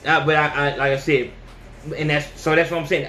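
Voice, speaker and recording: A man hosting a podcast, ranting casually and with plenty of profanity, who often jumps into high yelling voices to mimic people. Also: level tone, a little fast, roomy sound, slight background noise. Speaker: podcast host. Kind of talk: casual opinion rant.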